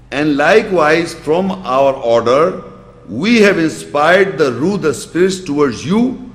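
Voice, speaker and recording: A man giving a religious lecture, asking his listeners pointed questions and quickly reciting Arabic verses before explaining them. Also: a little high, very animated. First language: Urdu. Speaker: Islamic lecturer. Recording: echoey hall.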